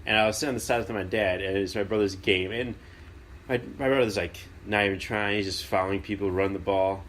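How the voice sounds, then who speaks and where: Man, casual podcast anecdote, low-pitched, light room noise in the background. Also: quick pace. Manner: storytelling, laughs through anecdotes, animated when mimicking his dad. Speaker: podcast co-host. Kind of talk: casual chat.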